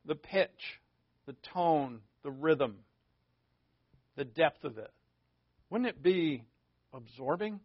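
This pastor's sermon is conversational, peppered with rhetorical questions and informal asides, and he delivers it slowly with long pauses. His slightly high voice is animated, and the lo-fi recording is dull and dry with no room sound.

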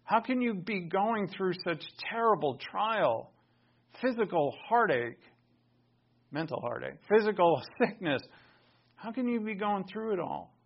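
A pastor preaching a sermon, emphatic and full of rhetorical questions. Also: male voice, high voice, big pitch swings, a little slow, gravelly, dull audio.

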